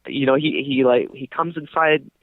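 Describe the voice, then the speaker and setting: A man's voice: medium pitch, normal speed, no echo. A young man co-hosting a podcast, telling a long story in casual chat, full of fillers and restarts. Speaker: podcast co-host. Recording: dry, tinny phone-like sound.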